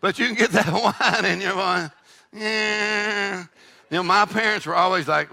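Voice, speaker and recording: Older pastor, gravelly bright voice, fiery call-and-response preaching. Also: male voice, high voice, a little slow. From Texas. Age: 60s. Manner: preachy call-and-response with shouted peaks and laughing asides. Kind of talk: sermon.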